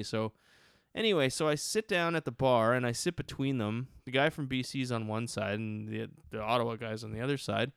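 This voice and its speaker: With a smooth, clear, mid-range voice and a fairly bright tone, a man speaks fairly quickly through a rambling, curse-filled story that keeps restarting, all in casual conversation. It's recorded close and dry, without echo or room sound.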